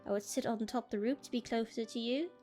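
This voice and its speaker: A woman's voice: on the high side, fairly quick, mellow, soft background music, pitched above the performer's own voice, lightly acted. A woman doing a quaint antique doll, polite, a bit prim, put-on accent. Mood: gentle. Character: prim antique female doll, gentle and lonely.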